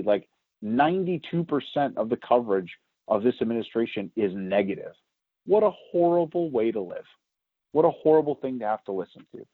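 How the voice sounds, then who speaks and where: A man co-hosting a political podcast, talking loudly and emphatically, getting louder when he is excited. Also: medium pitch, breathy edge, no room sound. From United States. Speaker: podcast co-host. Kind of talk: opinionated political podcast talk. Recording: tinny phone-like sound.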